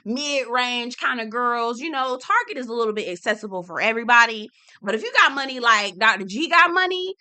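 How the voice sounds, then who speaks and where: A woman's voice: on the high side, lively intonation, fairly quick, sharp tone, clear, resonant tone. A woman with a Southern US accent giving a sassy, dramatic recap of a reality TV episode, talking straight to her viewers. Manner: sassy, dramatic, laughs often, talks to viewers.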